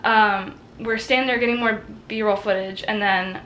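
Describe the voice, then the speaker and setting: A college student in her twenties tells a story in a casual, chatty way, with lots of fillers and acted-out quotes. Her mid-range voice is bright and forceful, fairly even in intonation at a moderate pace. The recording is low quality with a bit of hiss or hum.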